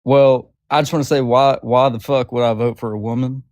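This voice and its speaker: A man's voice: medium pitch, steady tone, brisk, darkish tone, no echo, clean studio sound. A man, calling in to provoke a host. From Arkansas, US. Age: 20s. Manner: trolling, provocative, defiant. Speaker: caller.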